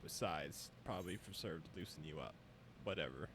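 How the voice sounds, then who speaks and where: A man reading aloud the lines of a male commander briefing a fighter, low and quiet with small stumbles. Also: fairly quick, background noise, natural voice. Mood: dry. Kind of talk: reading game text aloud.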